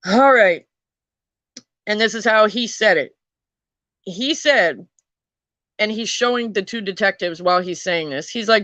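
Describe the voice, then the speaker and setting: A woman's voice: fairly high pitch, pushed and bright, no echo, muffled recording. A woman telling a true crime story in a casual, chatty way, swearing freely and talking to her viewers.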